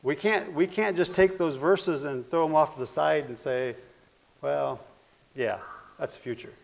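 Male preacher, gravelly, earnest sermon delivery with loud and soft swings. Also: fairly high pitch, unhurried. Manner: earnest, repeats phrases, swings between loud and hushed.

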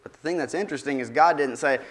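A man's voice: a little high, fast. Casual man giving a children's sermon. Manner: casual, conversational, frequent restarts.

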